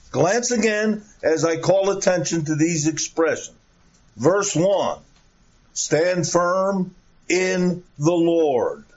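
Slow, high-voiced man preaching a sermon. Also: lo-fi sound. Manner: reads scripture aloud, then expounds with deliberate repetition.

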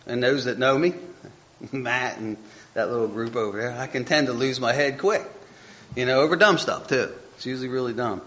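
A man's voice: medium pitch, moderate pace, fairly bright tone. A man giving a conversational sermon, chatty and self-deprecating, reading scripture aloud and stumbling over the text as he goes. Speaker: preacher. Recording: dull lo-fi recording.

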